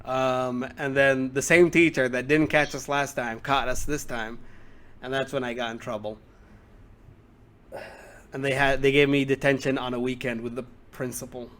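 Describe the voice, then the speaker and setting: A man's voice: mid-range voice, steady tone, normal speed, a bit bright. A young man telling school stories on a casual podcast, rambling with many fillers and acting out quotes. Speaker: podcast co-host. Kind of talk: casual storytelling.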